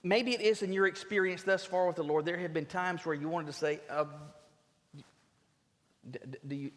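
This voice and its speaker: A pastor with a fairly high voice preaches a sermon earnestly and emphatically, doubling back on words in quick restarts. His voice rings through a church sanctuary with a long, trailing reverb.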